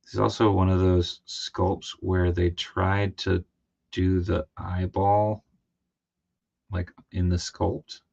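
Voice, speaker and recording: A man chatting casually while painting a toy figure on a livestream, laughing and lively as he tells stories. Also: takes it slowly, vocal fry. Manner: animated, laughing, jumps into high excited voices when telling stories. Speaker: co-host of a toy customizing livestream. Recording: slightly dull lo-fi stream audio.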